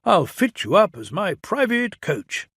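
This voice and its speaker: Man putting on a stern pompous railway boss, British accent, higher bossy voice, gravelly edge, dry close sound. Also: very animated, measured pace, a bit bright, no room sound, heavily acted. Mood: commanding. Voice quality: stern, commanding, bellowing. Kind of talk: storybook reading.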